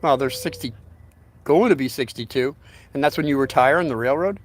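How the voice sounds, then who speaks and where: A man's voice: mid-range voice, brisk, slight background noise. A man telling a long anecdote in a casual, rambling way, with many restarts and fillers. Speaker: storyteller.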